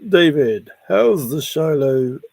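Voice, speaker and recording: A man's voice: on the high side, animated, takes it slowly, vocal fry, a little mellow, dry recording. A man hosting a casual livestream, reading chat and greeting viewers by name in a jokey, chatty way. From half Italian, half Scottish heritage.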